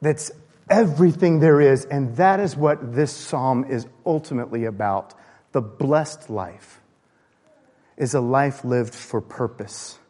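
A man preaching a sermon, impassioned, swinging from loud raised bursts to low hushed lines. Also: takes it slowly. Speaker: pastor. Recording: long hall reverb.

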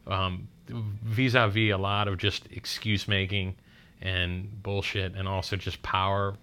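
A man's voice: deep voice, level tone, a little slow, pushed and bright, a little hiss or hum. A man on a podcast, recorded in a hospital room, ranting in casual, profane, emphatic chat.

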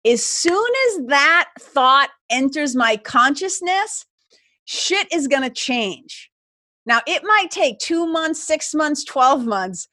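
A woman's voice: mid-range voice, fairly bright tone, no echo, studio quality. A middle-aged woman being interviewed, telling a personal story with laughter and acted-out quotes of her own thoughts. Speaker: guest.

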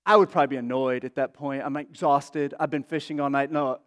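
A man's voice: medium pitch, fairly even intonation, quick pace. A man preaching a casual, conversational sermon as a pastor, full of asides and fillers. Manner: chatty, many asides and fillers. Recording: long reverb of a large hall.

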